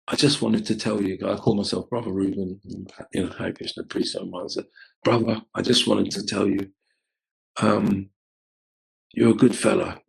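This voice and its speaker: A man's voice: fairly low pitch, vocal fry, slightly rough, rough recording. A man, a Hare Krishna book distributor from the UK, telling a story casually, rambling with many "you know"s.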